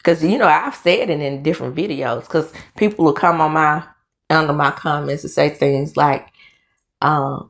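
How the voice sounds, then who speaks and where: This Southern-accented commentary vlogger, a middle-aged Mississippi woman, speaks at normal speed in a low register. She walks through her dental aligners in an animated, chatty story, often using fillers and starting over.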